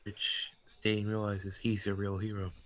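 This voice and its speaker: A man's voice: on the low side, monotone, measured pace, fairly bright tone, poor audio. A man in casual chat who cuts in with plot ideas while they improvise a fan story together.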